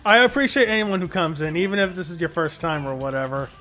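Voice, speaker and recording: A man's voice: on the high side, quick pace, pushed and bright. A man hosting a casual gaming stream, swearing casually as he directs players. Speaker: stream host.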